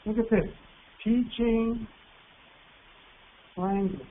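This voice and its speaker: A man presenting an online teacher workshop, patient and encouraging, reading words out slowly. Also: extremely high pitch, steady tone. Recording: tinny phone-like line with faint hiss.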